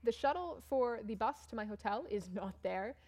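A young woman from Maine, USA, talks casually from the front of a church about a mission trip, clicking through her slides. Her fairly high, slightly mellow voice is expressive and moves at normal speed, and she's chatty and self-mocking, her pitch jumping up at the funny bits.

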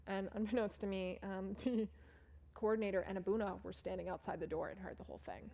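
A young woman talks about her teaching trip in a loose, chatty way. Her speech is peppered with "like" and "um", and she slips into the voices of the people she quotes. Her pitch sits in a middle range for a woman. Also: fairly even intonation, fast talker, vocal fry, dark tone. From United States. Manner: chatty, full of "like" and "um", acts out what others said. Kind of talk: casual storytelling talk over photos.

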